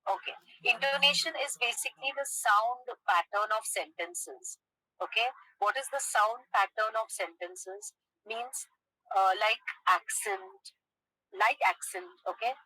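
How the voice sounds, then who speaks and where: A woman teacher lecturing a class, checking in with "okay?" and pausing on "uh". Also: a little high, big pitch swings, bright, forceful tone, no room sound, low-quality recording. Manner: explains with frequent "okay?" check-ins and "uh" pauses.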